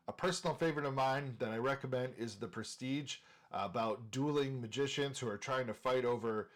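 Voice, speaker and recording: Ranking film directors for his movie channel, a man from Minnesota talks with easygoing enthusiasm and plenty of fillers. His voice sits in the mid range.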